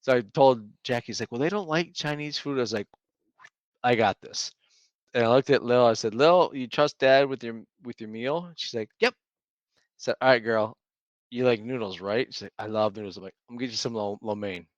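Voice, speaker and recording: Animated storytelling dad, dry close sound. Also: male voice, mid-range voice, brisk, no room sound, lo-fi sound. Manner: animated storyteller, acts out his kids' lines. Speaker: podcast co-host. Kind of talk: casual chat.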